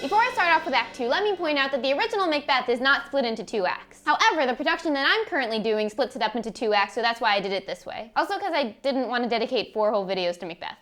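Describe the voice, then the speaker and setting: A bubbly young woman with a bright, high voice, retelling a classic play for her channel. She jokes constantly, leans into the characters' lines, and jumps up into squealing exclamations when the story gets wild. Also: fast, few pauses. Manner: animated, jokey, bursts into high exclamations. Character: student actor in a play production. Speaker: vlogger summarizing a play. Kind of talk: playful casual summary with acted quotes.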